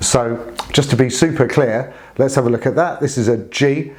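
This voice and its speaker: A man's voice: medium pitch, moderate pace, a little hiss or hum. A man teaching saxophone in a casual spoken tutorial, friendly and earnest, sometimes growling gritty sounds to demonstrate.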